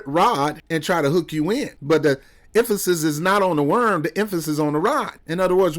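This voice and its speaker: A man giving casual political commentary in a heated, rambling way, full of sarcastic asides and repeated questions. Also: on the high side.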